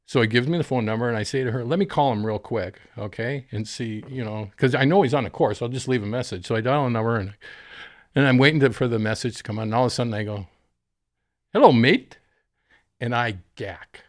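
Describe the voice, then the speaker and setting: A man's voice: medium pitch, fast. A middle-aged man, a guest in a studio interview, telling stories with lots of laughter and acted-out quotes. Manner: animated storyteller, laughs often, acts out quoted voices. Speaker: guest, golf caddie. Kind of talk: storytelling in a casual interview.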